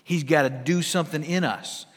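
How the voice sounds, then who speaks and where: A man preaching a sermon as pastor, swinging between hushed asides and loud emphatic lines, with humor. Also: on the high side, normal speed. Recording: long reverb of a large hall.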